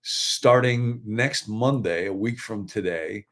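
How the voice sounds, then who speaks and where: A man's voice: fairly low pitch, slow pace, a bit bright. A middle-aged man, a pastor, co-hosting a livestreamed devotional talk and teaching in a conversational way with asides to viewers. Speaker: pastor and co-host.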